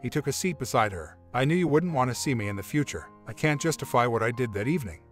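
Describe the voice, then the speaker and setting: A man reading a relationship story aloud, voicing every part in one steady voice. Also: medium pitch, quick pace. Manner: reads all parts in one even voice. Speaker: story narrator. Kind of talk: scripted narration of a relationship story. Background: faint music.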